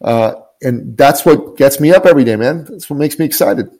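A man's voice: on the high side, normal speed, a little mellow, poor audio. A man guest, a business coach, speaking earnestly and emphatically, often repeating his phrases as he tells an inspirational story.

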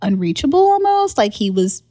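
Animated young woman telling a story. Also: a little high, normal speed. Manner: animated storyteller, acts out quoted voices, frequent laughs and "like" fillers. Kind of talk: casual chat.

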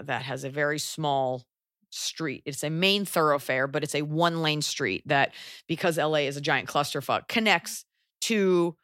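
A woman co-hosting a podcast, giving casual advice in a rambling, animated way and swearing freely. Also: deep voice, no room sound, clean studio sound. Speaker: podcast co-host. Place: Los Angeles area.

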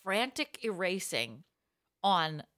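A young adult woman, a comedian and podcast host, telling a story in a breathless, laughing, animated way. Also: on the low side, takes it slowly, no echo, studio quality. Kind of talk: casual storytelling chat.

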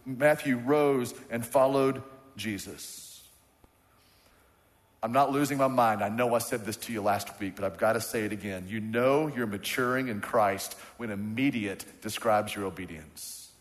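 A man's voice: lowish voice, moderate pace, hardly any pauses. A man preaching a sermon as pastor, leading the congregation in call-and-response and hammering his points with repetition. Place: church sanctuary. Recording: church hall with long reverb.

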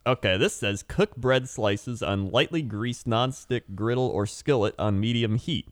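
A man's voice: medium pitch, a little slow, dry recording. A man co-hosting a casual podcast chat, rambling through stories with lots of "like" and frequent laughter. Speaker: podcast co-host.

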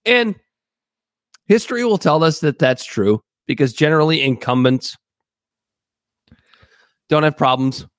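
Blunt, joking podcast co-host. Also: male voice, a little high, expressive, a little slow, pauses often, no room sound, studio quality. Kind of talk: casual political chat.

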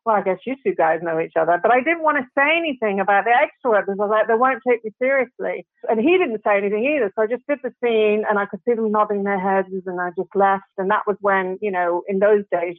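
A woman's voice: medium pitch, fast, hardly any pauses, no room sound. A woman, an actress guest on an interview show, spins casual anecdotes with easy laughs and British slang. Her voice arrives over a thin, phone-like line with no room sound at all. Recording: tinny phone line, dry.

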